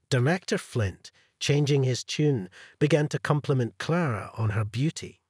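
A man narrating a scripted first-person story in a steady, even read. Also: medium pitch, normal speed, hardly any pauses, slightly rough, no echo, studio quality.

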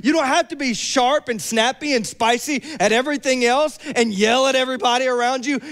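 A young adult man preaching a sermon, lively and joking with playful asides. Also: very high-pitched. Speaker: pastor.

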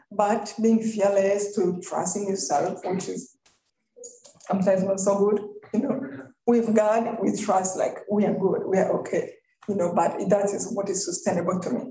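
A woman from Rwanda with a Rwandan accent, giving a faith-based storytelling talk as a guest speaker, lively and often laughing. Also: medium pitch, moderate pace. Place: college event hall. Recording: echoey room.

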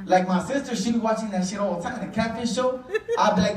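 A comedian with a Chicano English accent and a high-sitting voice talks fast through a profane, rambling, self-deprecating stand-up set on a club stage. The sound is roomy with a distant mic, and the crowd's laughter carries in the background.

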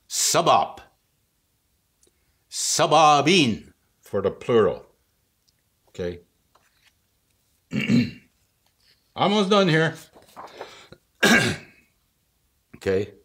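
A man's voice: medium pitch, sing-song, very slow, long pauses, fairly bright tone, breathy edge. A man giving a casual vocabulary lesson, patient and chuckling often, checking in with the listener after each word. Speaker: language teacher.

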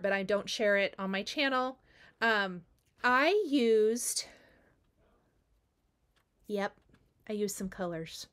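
A woman's voice: fairly high pitch, a bit bright, a little hiss or hum. A woman hosting a cross stitch video, chatting casually and gushing over her finished pieces, repeating words for emphasis. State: has the hiccups. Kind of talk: casual show-and-tell chat.

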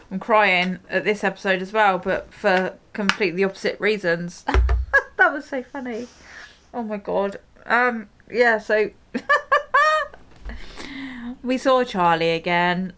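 A woman's voice: medium pitch, fairly bright tone, clean tone. A woman hosting a reaction video, chatting casually, full of exclamations and frequent laughter.

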